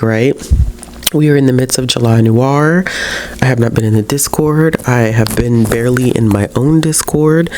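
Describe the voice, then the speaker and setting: A tired, low-energy woman book vlogger chats casually to her viewers in a slangy, rambling way, correcting herself and laughing often. The tone is darkish, with slight background noise.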